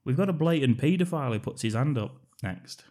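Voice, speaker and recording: Guy cohosting a film podcast, laughs a lot, swears, mid-pitched everyday voice. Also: lively intonation, a little fast, warm tone. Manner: giggly, sweary, breaks into laughter often. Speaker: podcast co-host. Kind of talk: casual film-review chat.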